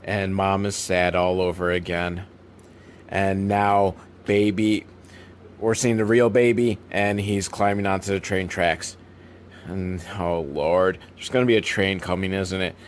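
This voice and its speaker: A man giving a comedic recap of a film, sarcastic and profane, swinging between loud incredulous outbursts and weary, deflated mumbling. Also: low-pitched, level tone, a little slow, a little hiss or hum. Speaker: comedic movie reviewer.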